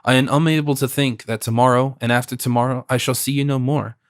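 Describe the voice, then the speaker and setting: A man's voice: mid-range voice, steady tone, fast talker, dry recording, natural voice. A man reading the part of a passionate young woman who pleads with her royal lover in a dry audiobook recording. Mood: pleading.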